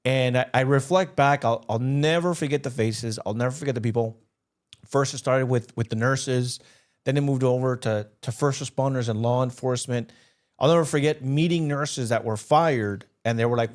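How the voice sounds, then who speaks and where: A man's voice: medium pitch, a little fast, a little mellow. A young man co-hosting a podcast from the Los Angeles area, telling stories in an emotional way and repeating words when he gets worked up. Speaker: podcast co-host. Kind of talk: casual podcast chat, storytelling.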